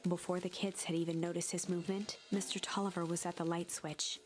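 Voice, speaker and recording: A woman giving calm, measured scripted narration for a storybook-style game. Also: lowish voice, music in the background.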